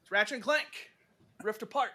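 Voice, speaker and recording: A young man hosting a podcast, chatting casually and telling stories with animated voices. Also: sits high, a little fast, no room sound, clean studio sound. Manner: animated storyteller, acts out voices when retelling. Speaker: podcast host. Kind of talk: casual chat.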